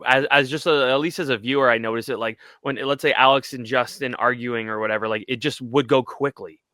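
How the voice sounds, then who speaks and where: A man's voice: medium pitch, steady tone, a little fast, pushed and bright, no echo, studio quality. A man in his twenties hosting a casual interview, talking enthusiastically. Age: 20s. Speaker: podcast host.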